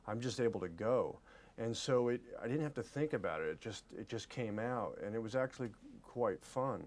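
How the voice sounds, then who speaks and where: A man in his forties giving a press interview as an actor, earnest and halting, often repeating his words. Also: medium pitch, expressive, a little mellow.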